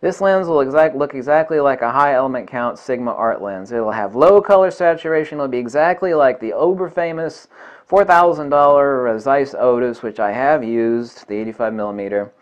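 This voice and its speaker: Guy ranting about camera lenses, profane, pushy, voice jumps all over the place. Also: mid-range voice. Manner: blunt, profane, combative; repeats himself for emphasis. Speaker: camera gear reviewer. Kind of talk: ranting product review vlog.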